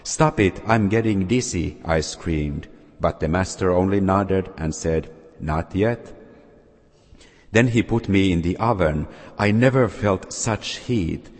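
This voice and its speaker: A man voicing a suffering talking teacup that pleads and cries out, told in a slow storytelling way. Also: low-pitched, a little mellow. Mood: pleading. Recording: long hall reverb.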